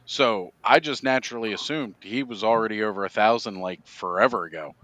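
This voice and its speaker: A man's voice: lowish voice, a little fast, a bit bright, no room sound. A man hosting a casual livestream chat over a video call, laid-back, laughing often and saying "like" a lot. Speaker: livestream host.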